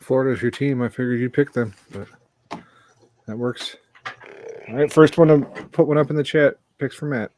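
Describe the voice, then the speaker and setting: A woman's voice: very deep voice, steady tone, a little mellow. A woman hosting a casual sports betting podcast, reading out odds and listener picks. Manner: casual, brisk, reads out odds and listener chat. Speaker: podcast host.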